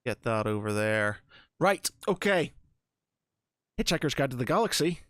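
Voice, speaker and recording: A man's voice: mid-range voice, normal speed, dry recording, studio quality. A man in his thirties from Northern Ireland with a Northern Irish accent, co-hosting a podcast and telling stories in a rambling, chatty way full of fillers. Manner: rambling storyteller, lots of fillers and animated asides. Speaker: podcast co-host. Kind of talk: casual chat.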